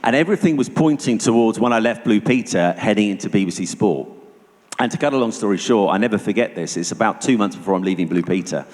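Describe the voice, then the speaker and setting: A man giving a personal testimony to an audience as a guest speaker, telling it vividly and going hushed at tense moments. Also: fairly low pitch, expressive, fast. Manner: vivid storytelling, dropping to hushed tones for tension. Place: church hall. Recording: long reverb of a church hall.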